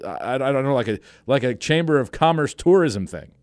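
Male radio host, chatty storyteller, animated delivery, dry close sound. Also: medium pitch, brisk, no echo. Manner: lively, rambling storyteller. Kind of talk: casual radio chat.

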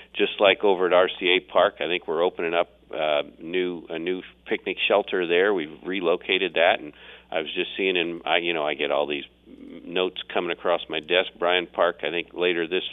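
A man with a low voice speaks as a city official on a radio interview, rambling along and circling back on himself. His voice comes through a thin, phone-like line. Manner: rambling, meandering with restarts.

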